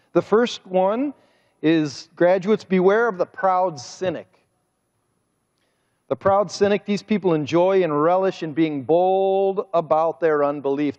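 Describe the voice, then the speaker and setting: A man preaching a sermon as pastor, speaking with drawn-out emphasis and a mocking, sarcastic edge. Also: high voice, a little mellow. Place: church sanctuary. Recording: muffled sermon audio with long church reverb.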